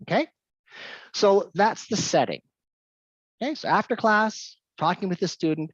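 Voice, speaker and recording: Animated woman teacher telling a classroom story. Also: medium pitch, a little slow, long pauses, slightly rough, no echo, highs cut off. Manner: animated storytelling, repeats key points, frequent "okay". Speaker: English teaching speaker. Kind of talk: lecture with anecdote.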